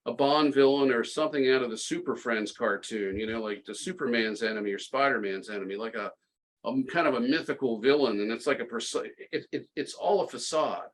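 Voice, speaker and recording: A middle-aged man appears as a podcast guest, telling stories casually and sardonically in an ordinary medium-pitched voice. His delivery is fairly quick, stop-start, and tongue-in-cheek, full of sarcasm and restarts. The audio quality is poor.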